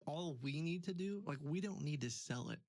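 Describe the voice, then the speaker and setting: A man's voice: a little high, animated, normal speed, darkish tone. A man hosting a live stream, chatting loosely and laughing often. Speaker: streamer host. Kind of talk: casual chat.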